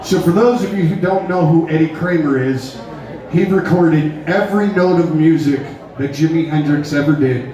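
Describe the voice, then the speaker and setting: A man's voice: a little high, normal speed, mellow. A middle-aged man, a rock singer, telling a story between songs at a live show in a joking, laid-back way, recorded from a distance in a large hall. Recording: echoey hall, distant, with crowd noise.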